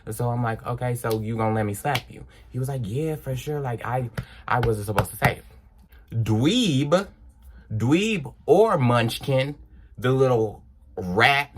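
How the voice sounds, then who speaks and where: A man's voice: mid-range voice, a little hiss or hum. A young man, telling a casual story and acting out the dialogue in quotes. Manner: animated, acts out dialogue in quotes. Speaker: storytime vlogger.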